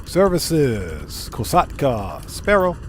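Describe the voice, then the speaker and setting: A man's voice: medium pitch, wildly swooping pitch, slow, a little hiss or hum. A man live-streaming a video game, chatting casually with viewers, often repeating his phrases and greeting them by name. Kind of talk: casual gameplay commentary.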